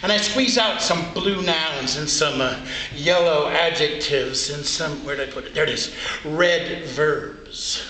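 A man's voice: fairly high pitch, unhurried. A man performing as a storyteller on stage before a live audience, playful and drawing the crowd in. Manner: animated, playful, audience-involving. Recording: echoey hall with background noise.

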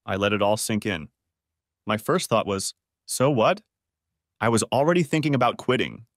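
Lively male audiobook narrator. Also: lowish voice, no room sound, studio quality. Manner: lively storytelling, lightly voicing each character. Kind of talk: first-person audiobook narration.

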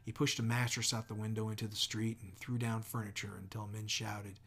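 Guy reading a novel, gravelly raspy voice, slips into whispers a lot. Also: on the low side, flat delivery, fairly bright tone. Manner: measured reading, dropping often into near whispers. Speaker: audiobook reader. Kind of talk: audiobook narration.

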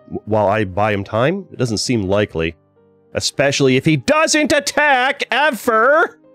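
Lively low-voiced man commenting on gameplay. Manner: chatty, exasperated outbursts at teammates. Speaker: gaming channel host. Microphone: desk microphone.

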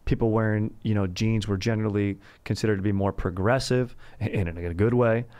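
A man's voice: lowish voice, steady tone, a little fast, a little mellow, dry recording. A man from California, hosting a comedic history podcast in a rambling, slangy, crude way. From Southern California. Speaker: podcast host.

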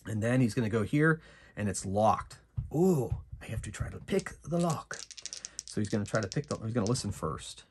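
A man's voice: lowish voice, animated, normal speed, slight background noise. A man narrating and playing a solo tabletop game, musing aloud over his rolls and choices. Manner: musing, talks himself through dice rolls and choices. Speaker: solo game master and player.

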